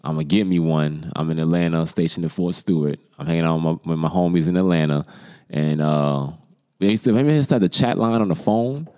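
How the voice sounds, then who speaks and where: A man's voice: low voice, fast talker, warm tone, clean tone. A man with a New York accent in his thirties, co-hosting a podcast and telling a story in casual chat, acting out the lines of the people in it. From the Bronx, New York. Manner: laid-back storyteller, acts out quoted lines. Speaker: podcast co-host.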